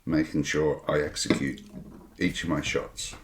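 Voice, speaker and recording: A man speaking as a podcast guest in casual chat, calm and measured. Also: extremely low pitch, background noise. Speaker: archery range owner, guest. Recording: roomy echo.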